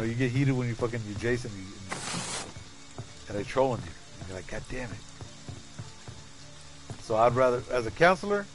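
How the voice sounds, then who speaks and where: A man's voice: mid-range voice, rough recording. A middle-aged man chatting casually over his gameplay, laughing often and talking to his chat and teammates. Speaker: gaming streamer.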